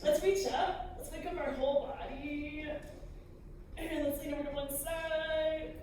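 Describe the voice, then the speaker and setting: A woman leading a choir through breathing and stretching warm-ups, giving step-by-step physical cues. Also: high voice, steady tone, unhurried, a little hiss or hum. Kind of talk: vocal warm-up instruction. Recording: echoey room, distant mic, music.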